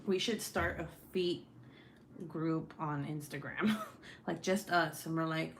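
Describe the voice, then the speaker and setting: A woman's voice: low-pitched, slow pace, slight background noise. A young woman hosting a crafting stream at home, chatting bluntly with lots of swearing and laughter. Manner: blunt, profane and laughing often. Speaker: crafting livestream host. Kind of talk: casual chat while crafting. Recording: echoey room.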